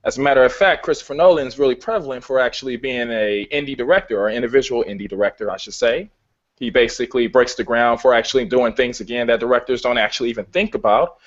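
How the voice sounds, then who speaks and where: A man's voice: mid-range voice, fast talker, highs cut off. A man debating a film in casual talk, emphatic and heavy on swearing. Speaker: film reviewer.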